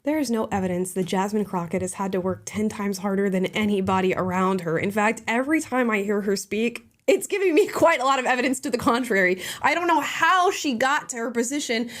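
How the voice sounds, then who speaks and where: A woman's voice: mid-range voice, brisk, hardly any pauses, fairly bright tone. A woman social media commentator speaking bluntly and dismissively in a short commentary clip.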